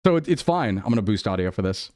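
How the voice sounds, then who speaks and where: A man's voice: on the low side, big pitch swings, fast talker, darkish tone, dry recording, clean studio sound. A man streaming live, chatting casually and laughing as he defends himself in a flustered way. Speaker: VTuber streamer. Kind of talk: casual livestream chat. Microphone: desktop streaming mic.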